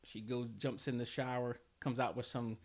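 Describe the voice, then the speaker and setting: A man's voice: mid-range voice, little pitch movement, moderate pace. A man hosting a podcast, chatting casually in a laid-back, teasing way and laughing easily. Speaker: podcast host.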